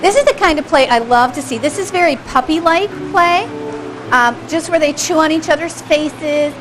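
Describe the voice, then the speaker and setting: A woman's voice: high voice, moderate pace, music in the background, rough recording. A woman instructor commenting on a home video of dogs at play for a class. She talks in a chatty, engaged way, often asking the audience questions and chuckling. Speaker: dog behavior instructor.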